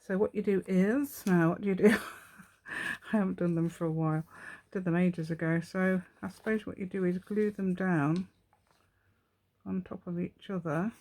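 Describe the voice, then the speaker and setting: A woman's voice: fairly low pitch, steady tone, normal speed, a little mellow. A woman hosting a casual craft tutorial. She thinks aloud and rambles chattily, talking to herself as she works. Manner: chatty, rambling, talks to herself while working. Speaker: craft channel host.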